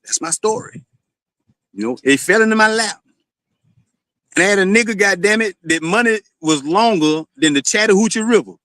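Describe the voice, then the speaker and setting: A man with a notably high voice talks straight at his listeners, swearing freely and filling every pause with "you know." The sound is dry and close, with no room around it. He rambles from one story to the next like a host holding court on his own show. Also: lively intonation, sharp tone, no echo. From Florida. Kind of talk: casual monologue.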